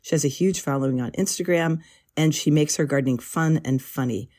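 A woman's voice: deep voice, fairly quick, mellow. A woman hosting a gardening podcast, introducing guests with a friendly, lightly humorous manner. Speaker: podcast host.

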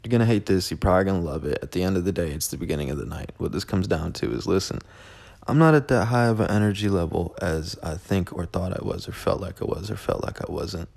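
A low-pitched man with a gravelly, fry-laden voice hosts a solo podcast. He rambles in a profane, self-mocking way, looping back on his own thoughts. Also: animated, quick pace, a little mellow. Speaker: podcast host.

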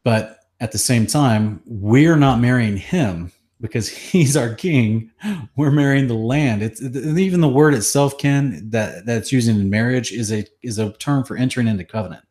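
A man earnestly teaching scripture in conversation, citing verses rapidly with chapter and number. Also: medium pitch, darkish tone. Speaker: Bible teacher.

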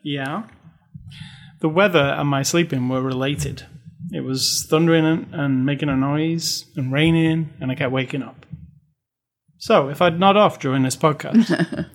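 Easygoing male podcast host, higher voice. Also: a little slow. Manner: easygoing, laughs often. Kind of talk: casual chat.

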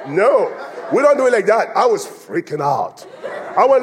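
High-voiced male preacher in a reverberant hall. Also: a little slow. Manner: animated storytelling, acting out quoted voices with laughter. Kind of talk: sermon. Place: church in Phoenix.

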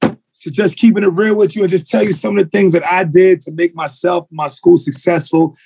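A man, a martial arts school owner, talking bluntly and telling animated stories with street slang on a podcast. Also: high-pitched, brisk, gravelly, breathy edge, no echo. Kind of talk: casual podcast conversation. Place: podcast recording.

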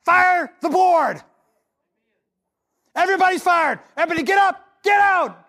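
A man preaching, voicing the apostle Peter as a bold man shouting orders to clear a room. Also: extremely high pitch, expressive, moderate pace, voice pushed up, exaggerated voice. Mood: commanding. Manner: shouting commands.

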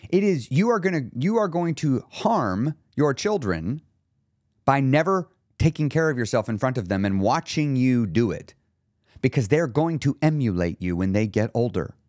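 In his podcast monologue, a weight loss coach addresses listeners head-on, telling lively stories and giving voice to the characters he quotes. He speaks in a mid-range voice at a moderate pace, and the audio is studio quality with no room sound.

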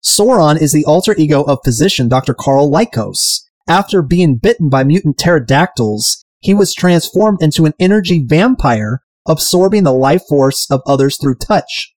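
A man's voice: on the high side, expressive, moderate pace, few pauses, a little mellow, no echo. A man hosting a podcast, recapping a TV episode in casual chat, irreverent and profane, sometimes mimicking characters. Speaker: podcast host.

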